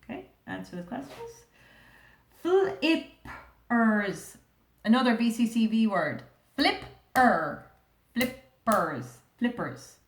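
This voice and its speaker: An Irish woman teaches a young class to read, speaking at an everyday middle pitch. She is patient, sounds words out slowly and keeps asking the children questions. Her voice rings a little in an echoey room. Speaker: primary school teacher. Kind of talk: recorded remote reading lesson.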